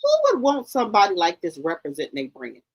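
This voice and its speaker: A woman's voice: fairly low pitch, very animated, fast, darkish tone, slightly rough, rough recording. A woman hosting a commentary channel, reacting to a clip in a scolding, exasperated, mocking way.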